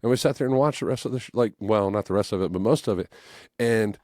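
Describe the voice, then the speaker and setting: A man's voice: lowish voice, fast talker, a little mellow, no echo, clean studio sound. A man in his forties, a musician guest on a podcast, telling stories casually, acting out voices and swearing freely. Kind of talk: casual storytelling chat.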